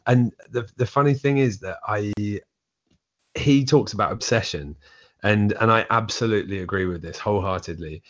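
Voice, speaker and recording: Deep-voiced English man telling a story. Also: moderate pace, a bit bright, muffled recording. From England, near Essex. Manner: rambling, frequent restarts and filler "like". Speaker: podcast guest, drummer. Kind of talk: casual storytelling chat.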